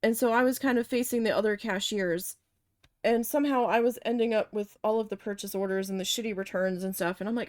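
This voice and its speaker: A woman's voice: medium pitch, steady tone, fast talker, dry recording, studio quality. A woman chatting casually while she paints, telling a long, candid, profane story with rambling self-corrections. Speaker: art vlogger recalling a retail cashier job.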